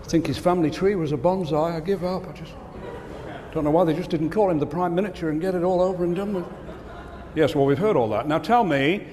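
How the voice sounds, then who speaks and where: A man's voice: fairly high pitch, darkish tone, a little hiss or hum. A man giving a comic business keynote at a conference, delivering jokes and punchlines. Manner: joke-telling, punchline delivery. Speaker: keynote speaker. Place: conference hall. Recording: reverberant hall, faint ambience.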